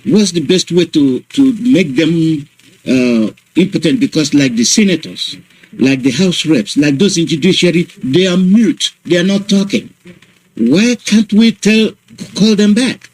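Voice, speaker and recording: A man's voice: on the high side, a little slow, a little mellow, low-quality recording. A man hosting a radio call-in show, asking probing questions with hesitant restarts.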